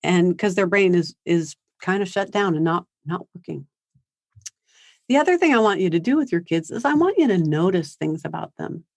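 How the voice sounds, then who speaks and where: A woman's voice: on the low side, lively intonation, normal speed, creaky, no room sound. Chatty woman giving a parenting seminar, dry sound. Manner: conversational, acts out quotes of teens and parents. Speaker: parenting speaker. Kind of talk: seminar talk. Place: high school seminar.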